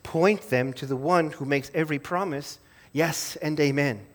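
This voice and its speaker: A man preaching a sermon as pastor, earnest, rising to emphatic stress and then dropping low and soft. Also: moderate pace.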